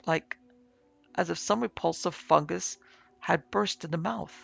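A man reading an excitable, irritable Frenchman. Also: on the high side, measured pace, creaky, breathy edge, lo-fi sound, heavily acted. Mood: agitated. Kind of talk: audiobook character reading.

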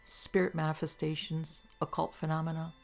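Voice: mid-range voice, level tone, moderate pace, creaky, faint music behind, close to an everyday voice. A skeptical male French critic, as a narrator puts him on. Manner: skeptical, arguing.

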